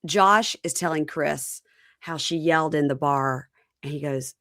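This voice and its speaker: A woman's voice: sits low, moderate pace, no room sound. Woman recapping a show, dry close sound. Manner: animated retelling with quoted voices. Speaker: podcast host. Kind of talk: casual recap chat.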